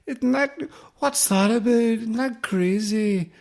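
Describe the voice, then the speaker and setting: Guy doing a squeaky excitable scottish ranter, way up high. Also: takes it slowly, vocal fry, full character voice. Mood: ranting. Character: rambling Scottish man, impression of a comedian.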